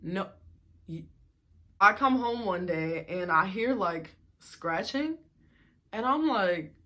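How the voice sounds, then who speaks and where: A woman's voice: mid-range voice, animated, slow pace, pauses often, bright, forceful tone. Young adult woman, vlogger telling a story; exasperated, sarcastic, casual.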